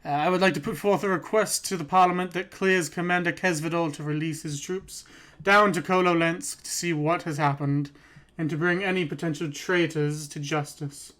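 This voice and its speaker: A man's voice: a little high, fairly even intonation, normal speed, fairly bright tone, natural voice. A man voicing a formal male officer addressing parliament in a tabletop game.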